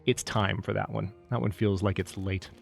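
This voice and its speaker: A man's voice: fairly low pitch, steady tone, moderate pace, gravelly, faint music behind. A man casually commentating his own strategy game, thinking aloud and talking to the units on screen. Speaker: let's play host.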